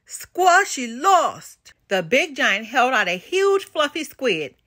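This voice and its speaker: Older woman, animated and bright storyteller. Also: a little high, measured pace, no echo, clean studio sound. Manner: expressive and animated. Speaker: storybook reader. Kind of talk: children's read-aloud narration.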